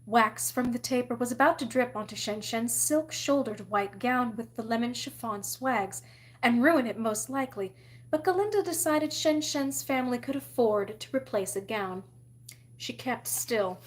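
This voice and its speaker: A woman reading a novel aloud in an expressive storytelling manner. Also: on the high side, normal speed. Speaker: reader.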